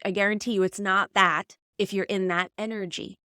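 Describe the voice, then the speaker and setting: A woman hosts her own podcast and talks through ideas at an easy, reflective pace, explaining as she goes. Her voice sits at a middle pitch, and the recording is close and dry with no room sound. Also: steady tone, normal speed, sharp tone, clean tone, no echo. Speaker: podcast host. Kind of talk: casual solo podcast talk.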